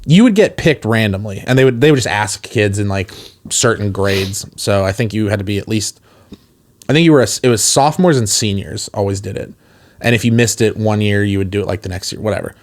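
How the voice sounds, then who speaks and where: A man with a slightly low voice tells a long, meandering story on a casual podcast. He laughs often between his words and keeps going as a loose, chatty co-host. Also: fairly quick. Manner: rambling storyteller, laughs often mid-sentence. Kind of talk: casual chat.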